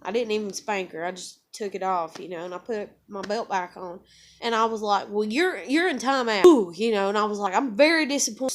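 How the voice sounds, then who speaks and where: A woman with a drawl rambles through a personal story and swears freely. She acts out what everyone said in a casual, unscripted way. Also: medium pitch. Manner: rambling, profane, acts out dialogue. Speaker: vlogger telling a personal story.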